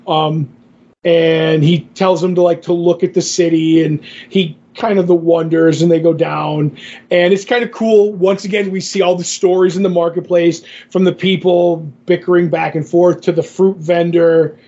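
A high-pitched man with a husky edge talks through a comic's plot in a loose, rambling way, stopping often with "you know" and "um". The audio sounds dull and lo-fi. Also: level tone, moderate pace, warm tone. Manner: rambling retelling with many fillers and quoted dialogue. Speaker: podcast host. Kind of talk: casual comic book recap.

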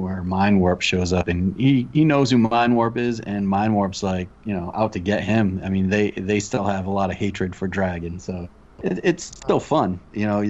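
Male co-host, deep-ish, quiet inquisitive chat; dull lo-fi recording. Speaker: podcast co-host. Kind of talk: casual podcast chat. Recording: dull lo-fi sound.

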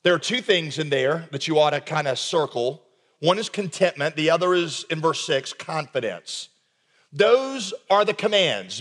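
Male pastor, sermon, urgent and conversational, lightly high voice, long hall reverb. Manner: emphatic, swinging from quiet intensity to raised urgency. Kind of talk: recorded sermon.

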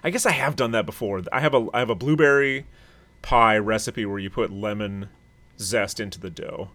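A man co-hosting a podcast, chatting casually and explaining things in an animated way. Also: on the low side, moderate pace. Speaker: podcast co-host. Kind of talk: casual chat.

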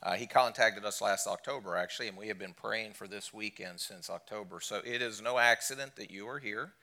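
A middle-aged man preaching a sermon as a guest speaker, fast-talking and folksy. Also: on the low side, sharp tone. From Alabama.

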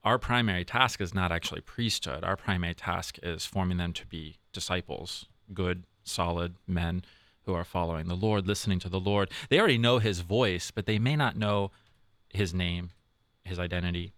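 A man's voice: sits low, normal speed, a bit bright, no room sound. A man, a priest who forms seminarians, chatting casually in a podcast and often laughing and asking "you know?".

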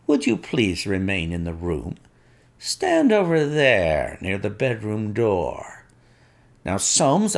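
A man's voice: medium pitch, gravelly. A man reading a suave, commanding detective. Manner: measured, suave and firm.

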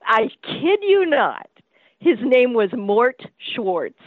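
A fairly high-voiced woman tells her story with energy, slipping into the voices of the people she quotes. Her sound is thin and phone-like, and dry with no room around it. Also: slow pace, dry recording. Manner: acts out quoted voices, frequent laughter, lively restarts. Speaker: actress telling her career story as a guest. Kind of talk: animated anecdotal storytelling.

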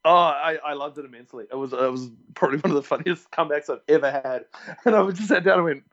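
NZ guy, podcast guest, playful storyteller, laughs a lot, slightly high, dull lo-fi audio. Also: fast talker, fairly bright tone. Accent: New Zealand. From New Zealand. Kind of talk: casual podcast chat.

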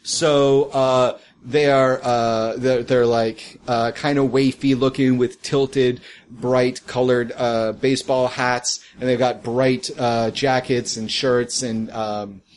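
A man narrating a tabletop game as game master, rambling and halting with many fillers. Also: medium pitch, little pitch movement.

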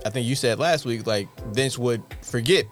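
A man in casual podcast chat, giving long, measured explanations full of "like" fillers. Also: medium pitch, soft background music. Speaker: podcast co-host.

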